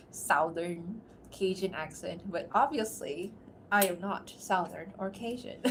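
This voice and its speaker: A woman streamer from outside America chatting casually on a livestream, talking in quick asides and laughing often. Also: medium pitch, a little hiss or hum. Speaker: streamer and voice actor.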